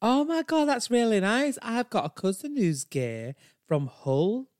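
A man's voice: very high-pitched, very animated, unhurried, darkish tone, no echo, studio quality, pitched above the performer's own voice, heavily acted. A man doing a gushing, pushy Yorkshire woman. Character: brash tipsy middle-aged woman in a gay bar.

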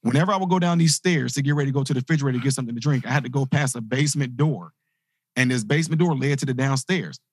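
Husky man telling a life story. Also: mid-range voice, rapid-fire, dry recording, studio quality. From grew up in inner-city projects. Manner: animated, acts out quoted voices. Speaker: motivational speaker. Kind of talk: storytelling talk.

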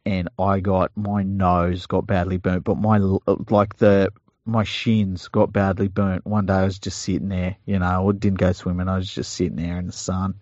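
A man with a lowish voice co-hosts a sports podcast, rambling and joking. The sound is dry and dull, like a home podcast mic. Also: flat delivery, normal speed, darkish tone, no room sound. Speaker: podcast co-host. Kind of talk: casual sports chat.

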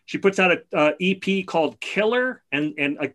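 A man's voice: high-pitched, animated, normal speed, fairly bright tone. A man co-hosting a podcast, chatting casually and telling enthusiastic stories. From New Jersey area. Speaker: podcast co-host. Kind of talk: casual chat.

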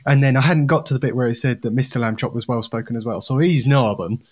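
A man co-hosting a podcast, telling animated stories with frequent laughter in casual chat. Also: medium pitch, fast talker. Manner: animated storyteller, laughs often. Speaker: podcast co-host.

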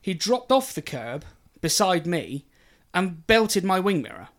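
A man co-hosting a podcast, telling a story in a casual, animated and exasperated way, swearing a lot and often repeating himself. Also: sits high, a little slow. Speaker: podcast co-host.

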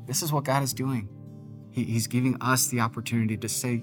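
A man's voice: mid-range voice, steady tone, fairly quick, music in the background. A man preaching a devotional sermon on a podcast, talking earnestly and conversationally, sometimes reading with dramatic emphasis. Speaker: pastor.

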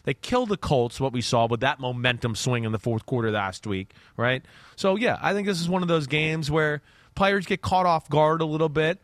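A man's voice: on the high side, expressive, normal speed, no echo. A man giving casual football analysis in a loose, rambling way with restarts and the odd curse. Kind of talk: casual sports talk.

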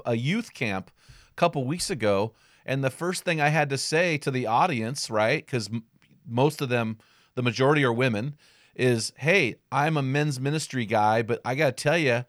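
A man's voice: mid-range voice, normal speed, no echo, clean studio sound. A man hosting a podcast, talking conversationally and enthusiastically with his guest. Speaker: podcast host, men's ministry leader. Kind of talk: podcast interview.

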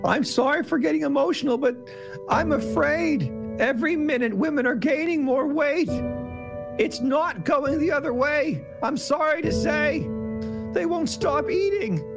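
Man doing a gravelly pundit impression, indignant, mock-earnest rant, music underneath. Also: extremely high pitch, unhurried, heavily acted. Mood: aggrieved. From Canada. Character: comic impression of a Canadian pundit, man, middle-aged, indignant.

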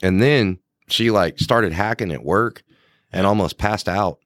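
Deep-voiced laid-back man. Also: a little slow, a bit bright, dry recording, clean studio sound. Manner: laid-back storytelling, swears freely. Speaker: podcast co-host. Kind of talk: casual chat.

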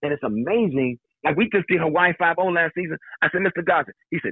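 Husky guy over a tinny phone line, joking around, telling loud stories. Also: fairly high pitch, fast talker, no room sound. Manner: animated, joking, laughs often. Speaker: actor, guest. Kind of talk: casual interview chat.

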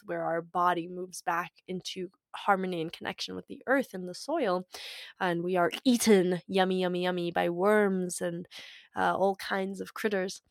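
A woman's voice: fairly low pitch, dry recording, studio quality. A woman talking casually about spirituality, playful and irreverent, swearing freely and laughing often.

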